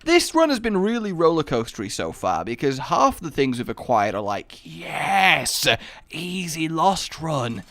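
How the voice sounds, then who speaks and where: A man's voice: medium pitch, wildly swooping pitch, moderate pace, hardly any pauses, no echo. A young man giving rambling, self-mocking commentary while playing a video game. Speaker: gaming YouTuber. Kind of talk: Let's Play commentary.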